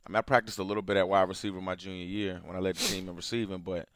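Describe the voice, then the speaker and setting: A man with a smooth, resonant, fairly low voice talks in a casual, excitable podcast chat and rises in pitch and volume when worked up. He is close on a dry mic. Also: rapid-fire, dry recording. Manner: excitable, laughs loudly, gets louder and higher when worked up. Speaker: podcast co-host.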